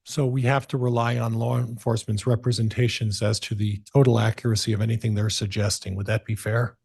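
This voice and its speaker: A man's voice: mid-range voice, level tone, a little fast, gravelly, darkish tone, husky. A man working as a defense attorney, methodically questioning a witness in a courtroom with some hesitations.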